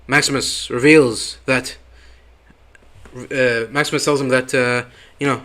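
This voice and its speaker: A man's voice: medium pitch, steady tone, measured pace, bright, forceful tone. A man casually recapping a TV episode, hesitant with many ums and wry asides. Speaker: TV reviewer.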